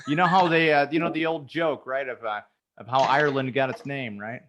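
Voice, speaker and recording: A man's voice: medium pitch, steady tone, fairly quick, noisy background. A man from the United States co-hosting a podcast, joking and rambling in casual chat. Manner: joking, rambling, tells jokes with put-on voices. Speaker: podcast co-host.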